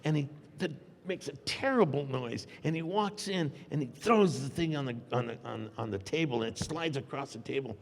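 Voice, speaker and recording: Older man, animated anecdote, acts out voices, gravelly, echoing convention hall. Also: medium pitch, moderate pace, hardly any pauses. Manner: acts out dialogue with shifting voices, laughs often. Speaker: convention panel guest. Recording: long hall reverb.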